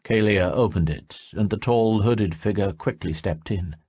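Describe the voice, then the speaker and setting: A man narrating a fantasy audiobook in a steady storytelling manner. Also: on the low side, unhurried, slightly rough. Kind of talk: scripted narration.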